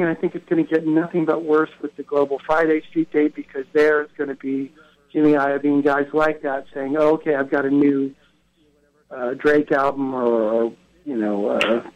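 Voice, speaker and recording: A co-founder of a record retail event appears as a guest on a radio interview, telling chatty anecdotes with many self-corrections. His voice is fairly high and fairly even in intonation at a normal speed, heard through a dull lo-fi radio broadcast.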